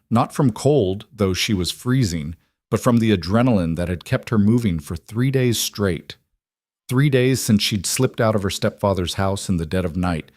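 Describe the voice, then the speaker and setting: A man narrating a story in a measured, scripted audiobook style. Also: fairly low pitch, a little mellow, no echo, clean studio sound.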